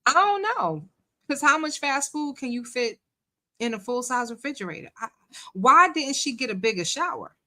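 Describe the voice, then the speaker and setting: A woman's voice: sits high, sing-song, moderate pace, sharp tone. A woman commentating on a live stream in casual chat, laughing and teasing as she talks to her chat. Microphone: desk microphone.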